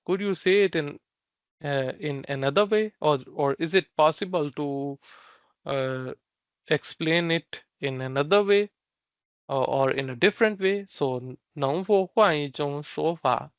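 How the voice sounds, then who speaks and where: A man teaching Mandarin phrases in an online lesson, explaining each word slowly with many fillers and restarts. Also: on the high side, smooth, no echo, muffled recording.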